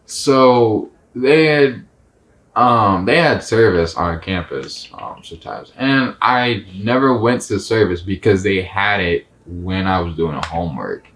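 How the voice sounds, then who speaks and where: A young man co-hosting a podcast, telling a story in a casual, slangy, animated way. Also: low voice, unhurried, a little hiss or hum. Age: young adult. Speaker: podcast co-host. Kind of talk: casual chat.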